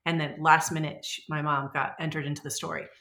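A woman in her forties talks in a casual, rambling way and gets animated as she acts out quoted voices. Her voice is bright and forceful and sits a little low for a woman. It sounds echoey, as if recorded in a bare room. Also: quick pace. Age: 40s. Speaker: podcast guest. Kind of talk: casual conversational storytelling.

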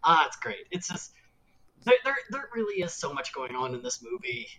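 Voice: mid-range voice, very animated, normal speed, a bit bright, poor audio. A podcast co-host chatting casually about a film, enthusiastic and acting out favorite lines. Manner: enthusiastic, acts out quotes.

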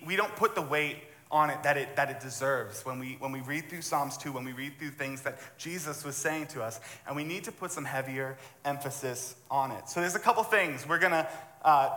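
A man's voice: fairly high pitch, pushed and bright. A man preaching a sermon and reading scripture, earnest and conversational, often restarting his sentences. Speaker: pastor. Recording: echoey hall with long reverb.

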